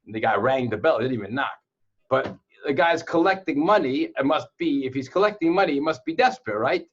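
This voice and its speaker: Male teacher, mid-pitched, playful jokester and storyteller, muffled lo-fi online audio. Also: expressive, brisk. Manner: playful joke-telling storyteller. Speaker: Torah teacher to boys. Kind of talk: casual online class with jokes. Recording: dull lo-fi sound.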